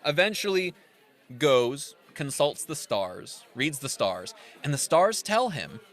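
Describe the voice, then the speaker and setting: A man's voice: on the high side, takes it slowly. A man co-hosting a podcast, casually retelling a film's plot and acting out its characters' lines. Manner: animated recapping with acted-out quotes. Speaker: podcast co-host.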